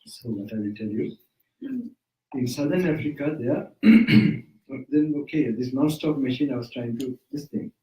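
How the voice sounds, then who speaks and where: A man's voice: medium pitch, unhurried, warm tone. A man gives an informal Buddhist dharma talk in a home, correcting himself as he goes and chuckling often. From Sri Lanka. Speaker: Buddhist monk teacher. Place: indoors at a private residence. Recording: roomy sound, mic at a distance.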